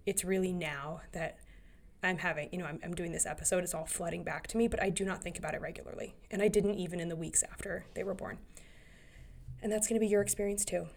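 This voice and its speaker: A woman's voice: lowish voice, steady tone, fast talker, creaky. A woman in her thirties hosting a solo podcast, giving earnest, rambling advice straight to her listeners. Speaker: podcast host.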